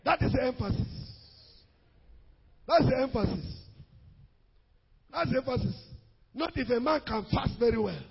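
A man preaching a sermon as pastor, rising into sung and shouted emphasis. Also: very high voice, animated, moderate pace, gravelly, pauses often, breathy edge, in a large hall, muffled recording.

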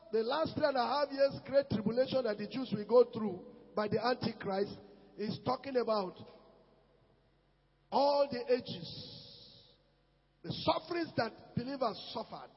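A man preaching a fervent sermon, shouting out lines, repeating phrases and reading scripture aloud. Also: very high-pitched, creaky, slightly rough, in a large hall, muffled recording.

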